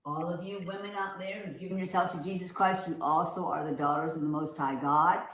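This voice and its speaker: A woman preaching with calm assurance, her voice caught on a phone camera in a roomy, echoing space. A faint hiss sits under her words. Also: on the low side, brisk. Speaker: preacher claiming visions of heaven. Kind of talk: live-streamed religious talk. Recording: echoey room with faint noise.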